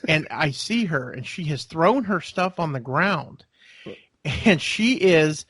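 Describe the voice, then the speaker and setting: A man rambles through a story in a casual podcast chat. His voice sits a little high, and he drops into acted voices for the people in his story. The sound is dry and close to the mic. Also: lively intonation, slow, fairly bright tone, breathy edge, no room sound. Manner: rambling storyteller, acts out voices, laughs often. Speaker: podcast co-host.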